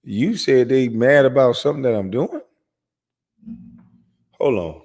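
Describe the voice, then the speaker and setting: Man, channel host, mocking reaction commentary, very animated delivery, reverberant sound. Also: medium pitch, measured pace, creaky. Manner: mocking, talks back at the clip.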